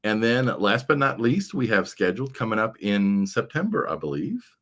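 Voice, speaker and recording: A man's voice: lowish voice, big pitch swings, moderate pace, fairly bright tone. A man hosting a casual livestream chat, rambling along with frequent fillers. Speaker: livestream show host.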